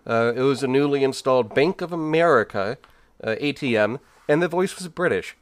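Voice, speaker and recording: A man co-hosting a relaxed podcast discussion. He speaks in a measured, thoughtful way and pauses on fillers, and his voice sits at a middle pitch. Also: dry recording. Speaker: podcast co-host. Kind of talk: casual discussion.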